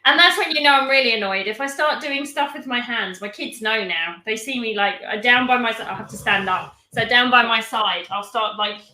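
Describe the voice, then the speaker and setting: Woman co-host, casual and self-mocking, bright voice in an echoey room. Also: a little high, fairly quick, hardly any pauses. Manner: chatty, laughs often, self-mocking. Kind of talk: casual chat.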